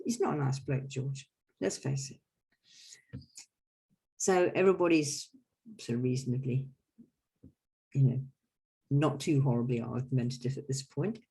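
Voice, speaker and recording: A woman's voice: deep voice, gravelly, rough recording. A woman host telling about folk customs in a chatty, wry way. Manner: chatty, wry asides, lively explanations. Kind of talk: casual storytelling talk.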